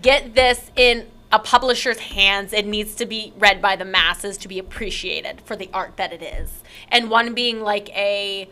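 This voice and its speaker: A woman's voice: mid-range voice, measured pace, bright, forceful tone. A woman in casual chat, reading poems aloud and picking them apart with wry, playful criticism. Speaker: co-host.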